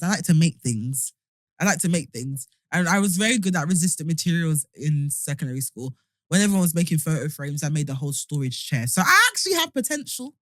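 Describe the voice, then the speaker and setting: A woman's voice: fairly low pitch, no room sound. A young woman, co-hosting a casual podcast chat and joking around. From Nigeria. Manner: animated, joking, acts out comic voices. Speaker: podcast co-host.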